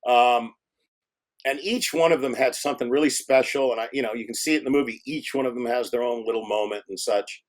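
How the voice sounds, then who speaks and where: An older man tells stories from his directing days in a loose, rambling way. He stops and restarts often and fills gaps with um and you know. His voice grows animated when the story turns funny. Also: mid-range voice, fairly quick. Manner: rambling, many fillers and restarts. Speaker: film director guest. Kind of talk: casual storytelling interview.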